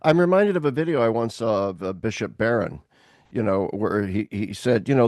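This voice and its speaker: A man hosts a casual conversation, talking emphatically and cutting in to agree. His voice moves widely in pitch. The sound is dry and close. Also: animated, normal speed, darkish tone, no room sound. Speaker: host.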